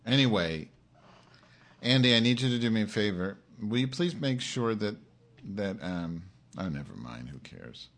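A man's voice: lowish voice, big pitch swings, moderate pace, a bit bright. A man hosting his own live-stream show, in an angry, profane rant aimed straight at his audience.

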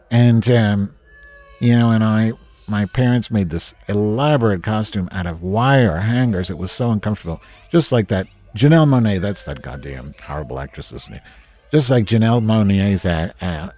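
A man's voice: lowish voice, lively intonation, moderate pace, mellow, faint music behind. A man from New Jersey hosting a casual ranting monologue, grumpy, sarcastic and full of swearing. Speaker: host.

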